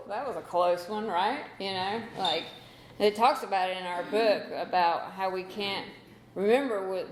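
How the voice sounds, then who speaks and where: A woman's voice: on the low side, a little hiss or hum. A woman in her thirties sharing her story at a recovery meeting, candid and conversational, with lots of "you know" fillers. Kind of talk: personal testimony talk. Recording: echoey room recording.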